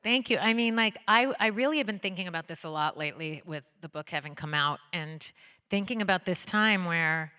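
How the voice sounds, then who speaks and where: A woman being interviewed onstage in an auditorium, telling stories in a bubbly, excited way full of likes and ums. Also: on the low side, fairly quick, smooth. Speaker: guest, pop singer and author. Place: auditorium stage before an audience. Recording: long reverb of a hall.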